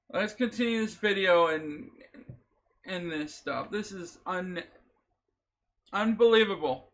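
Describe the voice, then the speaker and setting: Male vlogger, high bright voice, emotional and emphatic, swears and repeats points. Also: slow pace, pauses often. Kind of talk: impassioned reaction commentary.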